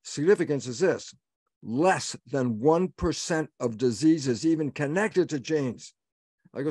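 A man's voice: medium pitch, expressive, unhurried, a little mellow, no echo, studio quality. A man giving an emphatic webinar talk, lecturing and answering his own rhetorical questions. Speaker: guest speaker.

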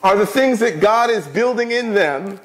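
A middle-aged pastor preaches a sermon in an easy, conversational style, often turning to the congregation with quick asides. His high voice has lively intonation and a fairly bright tone, and the recording is rough.

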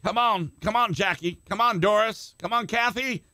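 Older male preacher, fiery and shouting at the peaks, slightly high voice, dry close sound. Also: moderate pace, no room sound. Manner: impassioned, shouting climaxes, calls on congregation by name. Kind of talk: sermon.

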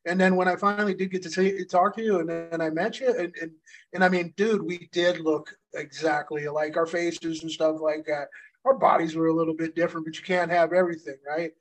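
A man in his fifties from the United States, co-hosting a casual chat. His voice is slightly high and stays flat in tone. He reminisces in loose, rambling sentences with many fillers. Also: brisk, soft background music, poor audio. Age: 50s. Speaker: co-host, former pro wrestler.

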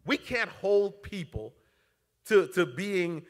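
A man preaching a sermon as pastor, his voice swinging between loud, pointed lines and hushed, intimate ones. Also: lively intonation, slow pace. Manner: preaching with dramatic swings in pitch and loudness. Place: church sanctuary. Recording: long church reverb.

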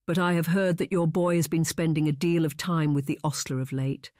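A narrator voicing a careful, pragmatic middle-aged gentleman in a period audiobook. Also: mid-range voice, level tone, no echo, clean studio sound, natural voice. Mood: measured. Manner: careful, measured, quiet. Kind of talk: audiobook character voice.

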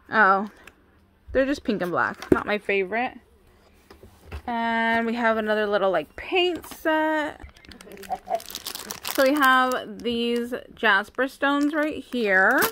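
A woman's voice: a little high, a bit bright, a little hiss or hum. A young woman chatting casually as she unboxes craft supplies, cooing over each item. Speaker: craft vlogger.

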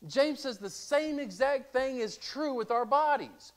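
A man's voice: very high-pitched, expressive, measured pace. A male pastor preaching a sermon, asking rhetorical questions and reading scripture aloud.

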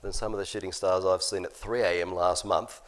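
A man's voice: sits low, fairly even intonation, a little fast. Chatty man preaching with slides. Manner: chatty, self-interrupting, chuckles at own jokes. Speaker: preacher giving a talk. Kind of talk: informal sermon talk with slides.

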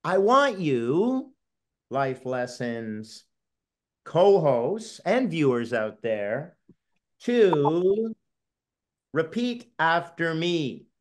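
Slow, lively-voiced man co-hosting. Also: a little high. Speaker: co-host and book presenter. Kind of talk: relaxed classroom talk.

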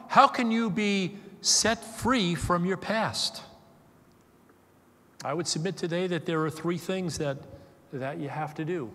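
A man preaching a sermon, moving from loud, emphatic stresses to soft, hushed passages. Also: sits high, in a large hall. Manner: slow deliberate stresses on key words. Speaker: pastor. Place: church.

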